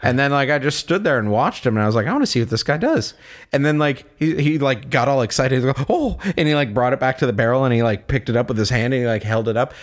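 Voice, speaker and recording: A man's voice: medium pitch, quick pace, few pauses. A young man co-hosting a casual podcast chat, telling game stories with lots of laughter and acted-out voices. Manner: animated storyteller, laughs often, acts out game characters. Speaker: podcast co-host.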